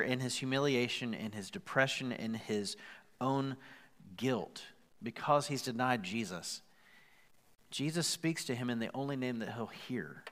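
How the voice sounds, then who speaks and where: A male pastor preaching a sermon with growing passion, rising louder and higher as he drives his points home. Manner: impassioned, rising in pitch and volume as he presses his point. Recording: long hall reverb.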